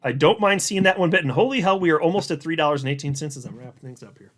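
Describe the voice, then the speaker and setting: A man with a fairly high, lively voice hosts a casual market commentary show. He reads out analysts' posts and reacts to them, pushing his pitch up sharply for emphasis and addressing viewers directly. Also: very fast. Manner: animated, talks straight to viewers, swings pitch up for emphasis. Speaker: crypto market commentator, channel host.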